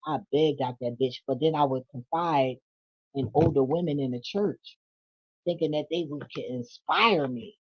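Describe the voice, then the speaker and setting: A woman's voice: deep voice, moderate pace, breathy edge. Blunt, profane woman reading tarot. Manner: blunt, profane, laughing asides. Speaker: tarot reader. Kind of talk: casual tarot reading vlog. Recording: dull lo-fi audio.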